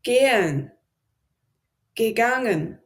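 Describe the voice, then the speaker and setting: A woman's voice: fairly high pitch, expressive, drawn-out words. A woman practicing German in a lesson, carefully repeating words after the teacher. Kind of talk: language lesson.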